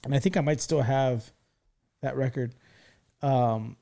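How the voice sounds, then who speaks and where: A man from California hosting a podcast, telling a childhood story in an animated, profane way and checking in with his listeners as he goes. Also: mid-range voice, unhurried, creaky. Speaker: podcast host. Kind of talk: casual storytelling.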